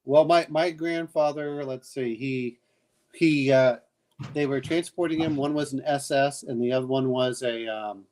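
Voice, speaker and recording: A man chatting casually and telling a long family story, halting often with fillers. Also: medium pitch, darkish tone. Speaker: game master. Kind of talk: casual chat.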